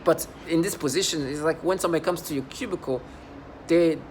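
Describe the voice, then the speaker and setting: Accented man rambling emphatically, fairly high. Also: fairly quick, slight background noise. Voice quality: speaks with an accent. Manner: emphatic, repetitive storytelling with many restarts. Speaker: vlogger describing his workplace experiences. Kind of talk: rambling personal monologue.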